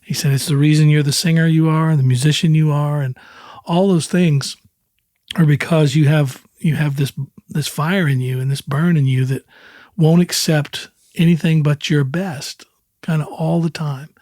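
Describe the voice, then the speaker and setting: A man in his sixties talks as an interview guest, winding through anecdotes and acting out what others said with easy chuckles. His voice sits a little high for a man. The sound is dry and close. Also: normal speed, no room sound. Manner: relaxed, rambling anecdotes with quoted dialogue and chuckles. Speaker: guest, country singer. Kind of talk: casual storytelling in an interview.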